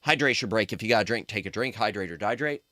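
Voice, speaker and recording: A man's voice: on the low side, animated, very fast, bright, forceful tone, dry recording, studio quality. A man chatting casually with his viewers while streaming, rambling and reacting to chat.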